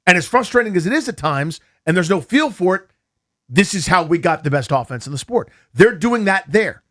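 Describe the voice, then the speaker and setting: A man hosting a sports talk radio show, talking fast and animated and taking calls. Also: high voice. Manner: animated, rapid, takes calls. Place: radio studio.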